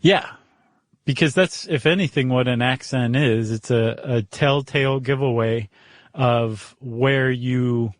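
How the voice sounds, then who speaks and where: A man with a General American accent co-hosting a podcast in casual chat, playful and quick to laugh. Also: mid-range voice, dry recording. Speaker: podcast co-host.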